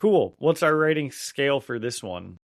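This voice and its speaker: A man co-hosts a podcast in an easygoing, casual way, pausing now and then with fillers. His pitch is ordinary and middle. He is recorded dry and close. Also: animated, no echo. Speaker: podcast co-host.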